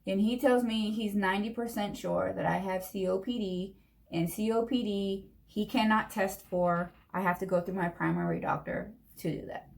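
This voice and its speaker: Woman, young adult, get-ready-with-me storytime, chatty and animated, gravelly creak. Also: mid-range voice, moderate pace. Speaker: vlogger.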